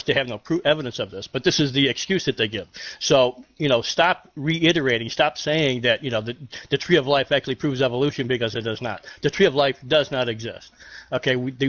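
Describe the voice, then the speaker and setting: A man arguing in an online voice-chat debate, speaking haltingly with fillers and restarts and pausing to clear his throat. His voice sits at a middling pitch. The sound is dry and close but muffled, like a cheap computer mic. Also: a bit bright, no echo. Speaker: debate participant.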